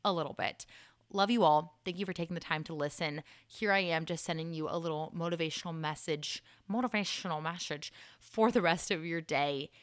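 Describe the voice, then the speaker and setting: A woman hosting a solo podcast, chatting in a casual, encouraging way and laughing at herself, her voice starting to go a little hoarse. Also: low voice, brisk, dry recording. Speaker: podcast host.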